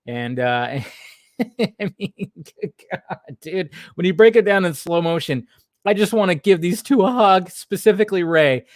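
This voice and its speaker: A man hosting an online show, giving casual running commentary on footage in an excitable, exclamatory way, with the odd curse thrown in. His voice sits a little high and swings widely in pitch. It sounds dry and close, with almost no room echo. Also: moderate pace. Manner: animated, exclamatory, swears freely.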